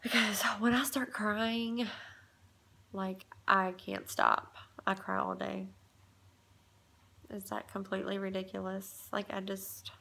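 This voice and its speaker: A woman in her thirties talks softly into her phone camera in a home kitchen, tearful and hushed so she won't wake her sleeping child. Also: mid-range voice, creaky. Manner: soft, hushed to avoid waking a child. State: tearful, close to crying. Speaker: vlogger, mother. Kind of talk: casual vlog.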